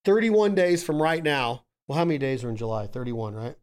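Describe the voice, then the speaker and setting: A man's voice: mid-range voice, very animated, a little fast, clean tone. A man hosting a podcast, talking in casual banter, brash and joking, swearing freely. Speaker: podcast host.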